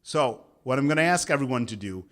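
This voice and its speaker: A man's voice: mid-range voice, expressive, brisk, fairly bright tone. A man in his thirties, a meditation teacher giving a guided meditation talk and leading a group in call-and-response chanting at an interfaith gathering.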